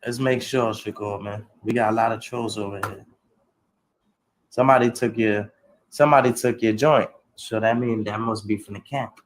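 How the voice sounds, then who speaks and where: Animated man hosting a casual livestream. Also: fairly low pitch, normal speed, low-quality recording. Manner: animated, talks to chat, lots of slang. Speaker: livestream host.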